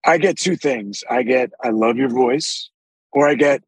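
A man with a deep, raspy voice, telling animated stories with frequent swearing as a podcast guest. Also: unhurried, no room sound, low-quality recording. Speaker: actor guest. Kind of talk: casual podcast interview.

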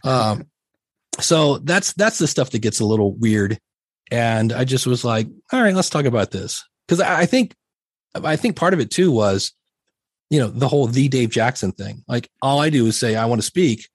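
A man's voice: medium pitch, expressive, moderate pace, husky, no echo, clean studio sound. A middle-aged man talking candidly as a podcast guest, telling stories in a self-deprecating way with many restarts. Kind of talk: casual interview chat.

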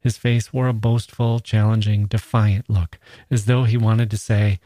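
A man hosting a podcast, reading a classic short story aloud in a measured storytelling manner. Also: fairly low pitch, level tone, mellow, no room sound. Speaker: podcast host and reader. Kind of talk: scripted literary reading.

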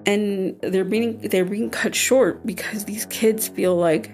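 In a mid-range, darkish voice with fairly even intonation, a young woman co-hosting a podcast chats casually at a measured pace. Faint music plays behind her, and her loose, conversational talk is full of fillers and restarts.

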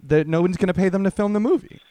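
A man hosting a podcast, riffing deadpan crude jokes in rambling casual chat. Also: high voice, quick pace. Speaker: podcast host.

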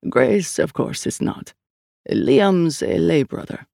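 A man voicing a calm older priest. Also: on the high side, vocal fry, dry recording, studio quality, exaggerated voice. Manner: measured, calm explaining. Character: deep, older male priest, studiously calm.

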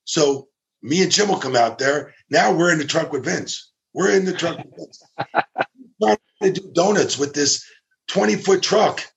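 A man casually telling a backstage story, animated and acting out the people he quotes. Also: measured pace, creaky, lo-fi sound. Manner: animated, acts out quotes with big pitch jumps. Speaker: former ring crew member telling stories.

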